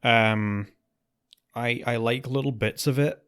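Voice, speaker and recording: A man co-hosting a podcast in casual chat, getting animated and higher when worked up. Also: takes it slowly, clear, resonant tone. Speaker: podcast co-host.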